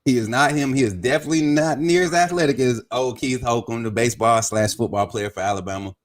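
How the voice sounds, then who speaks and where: Energetic man hosting a sports stream. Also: mid-range voice, quick pace. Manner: energetic, chatty, hypes the audience. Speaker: show host. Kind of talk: casual sports talk livestream.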